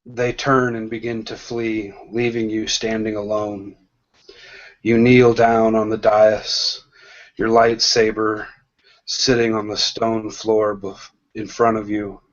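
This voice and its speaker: A man narrating a tabletop role-playing game as game master, slow and hesitant, with many pauses and restarts. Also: on the low side, little pitch movement. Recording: dull lo-fi sound.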